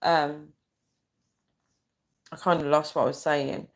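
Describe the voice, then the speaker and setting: A woman's voice: low-pitched, level tone, unhurried, pauses often. A young woman chatting casually on a live stream, rambling and reading viewer comments aloud. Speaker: livestreamer.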